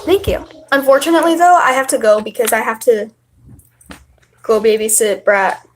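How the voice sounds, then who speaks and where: A woman's voice: a little high, lively intonation, normal speed, slight background noise. A young woman chatting casually and rambling on a home livestream. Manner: chatty and rambling, many fillers. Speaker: livestream host.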